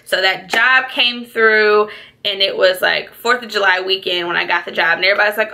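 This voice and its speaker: Young woman, vlogger, emotional and chatty, bright voice with some fry. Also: medium pitch, steady tone, normal speed. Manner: emotional, close to tears; chatty, many "like"s and "y'all". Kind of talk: casual storytime monologue.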